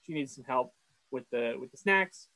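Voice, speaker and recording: A man's voice: mid-range voice, animated, moderate pace, bright, forceful tone, poor audio. A man co-hosting a casual podcast, recapping a cartoon episode in a rambling, stammering way. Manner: rambling, stammering, self-deprecating. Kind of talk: casual chat.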